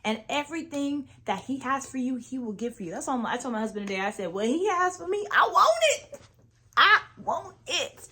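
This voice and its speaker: Earnest woman sharing her faith. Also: fairly high pitch. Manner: earnest, conversational, preachy at times. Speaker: podcast host. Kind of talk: faith-based personal talk.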